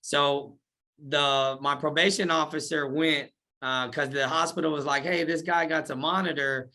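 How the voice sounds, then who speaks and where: Bright-voiced man telling his story. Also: on the high side, moderate pace. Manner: animated, slangy, acts out his own past words. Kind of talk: casual storytelling interview.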